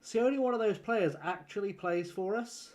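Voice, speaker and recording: A man's voice: high voice, normal speed, darkish tone. Jokey man streaming a game. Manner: rambling, jokey, swears freely. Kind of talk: casual live-stream chat.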